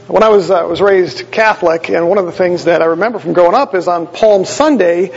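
Male pastor, husky high voice, conversational sermon, dull recording with long reverb. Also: a little fast. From Wisconsin. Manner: conversational, explanatory, with small asides to the congregation.

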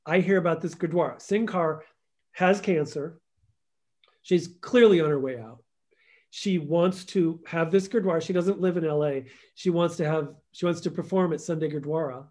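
A man telling stories as a guest in a conversational interview, acting out quotes and trailing off softly. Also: a little high, moderate pace.

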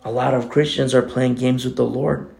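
A man's voice: mid-range voice, flat delivery, moderate pace, vocal fry, darkish tone. A man preaching a sermon as co-pastor, talking in a conversational way with many asides.

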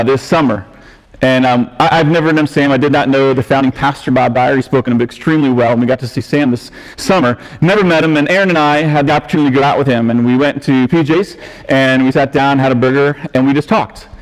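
A man's voice: fairly high pitch, long reverb tail, poor audio. A man preaching as a pastor, earnest and conversational, shifting his emphasis as he explains the text. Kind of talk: sermon. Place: church sanctuary.

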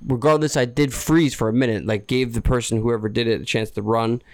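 A man's voice: mid-range voice, fairly even intonation, a little fast, dry recording. Easygoing middle-aged man, dry close voice. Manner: easygoing storyteller, chuckles often. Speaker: podcast host. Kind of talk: casual storytelling chat.

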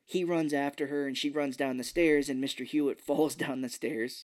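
A woman co-hosting a podcast, casually recapping a bad movie with sarcastic asides and quick put-on character voices. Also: rumbling low, steady tone, darkish tone. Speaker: podcast co-host.

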